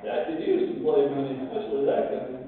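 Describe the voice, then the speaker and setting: A man's voice: mid-range voice, huge pitch swings, a little fast, a little hiss or hum. A man doing a live stand-up comedy set, telling stories and imitating the people in them, with asides to the crowd. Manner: storytelling with quoted voices and asides to the crowd. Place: live venue, stage. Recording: distant lo-fi live recording in an echoey hall.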